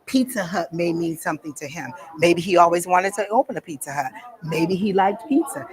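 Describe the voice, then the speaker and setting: A woman's voice: fairly low pitch, fairly quick. A woman talking informally to a workshop audience at a psychic fair, chatty and conversational, stopping to ask the room for questions.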